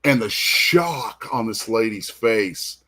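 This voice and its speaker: A man's voice: on the low side, expressive, slow, noisy background. A man hosting a comic art show, telling a rambling, heartfelt story in casual chat. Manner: rambling, heartfelt, restarts often. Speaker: comic artist host. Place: convention booth.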